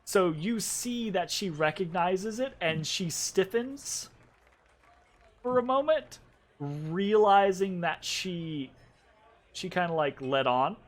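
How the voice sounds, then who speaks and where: A man narrating a tabletop game as the game master in a relaxed, casual way, full of fillers and checks like "right?". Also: high-pitched, takes it slowly.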